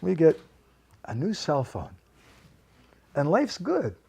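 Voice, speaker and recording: A man's voice: a little high, wildly swooping pitch, slow, gravelly, dark tone, husky. A man giving a devotional lecture at a home program, telling a story and asking the audience questions.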